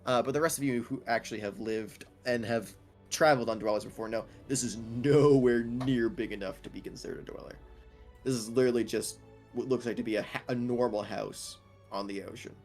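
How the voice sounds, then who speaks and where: A man's voice: mid-range voice, fairly even intonation, a little fast, a little mellow. Young male game master, casual narration with fillers and laughs, faint background music.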